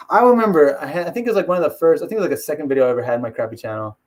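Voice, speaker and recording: A man's voice: a little high, animated, very fast, a little mellow. A man chatting casually on a live stream as an MMA YouTuber, rambling, swearing and laughing.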